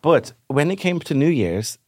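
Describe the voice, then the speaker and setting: A man's voice: on the high side, moderate pace, no echo, clean studio sound. A man co-hosting a podcast, telling a story with lots of acted-out voices in casual chat. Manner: animated storyteller, acts out voices. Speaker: podcast co-host.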